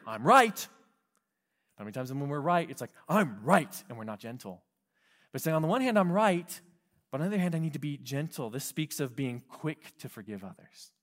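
A man preaching a sermon as pastor, lively, acting out quoted voices and dropping to soft whispers. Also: a little high. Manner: animated, acts out quoted voices and drops to whispers. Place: California.

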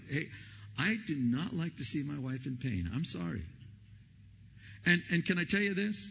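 A man preaching a sermon as pastor, telling stories and acting out the quotes with lively energy. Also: fairly high pitch, normal speed, creaky, pauses often, slight background noise. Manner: animated storytelling, acting out quotes. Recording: lo-fi recording in a reverberant hall.

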